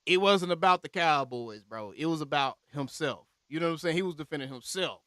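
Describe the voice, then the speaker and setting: Guy hosting a live call-in stream, high voice, really bright and animated, lots of slang. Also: a little fast, no room sound. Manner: animated, loud exclamations, slangy. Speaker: host of a fan channel live call-in show. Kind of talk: casual live-stream chat.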